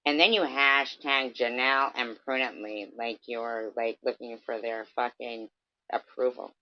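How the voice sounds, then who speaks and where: A woman's voice: very deep voice, fairly even intonation, a little slow, no room sound, muffled recording. Angry, profane woman ranting on a livestream. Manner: confrontational, profane, mocking. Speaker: vlogger.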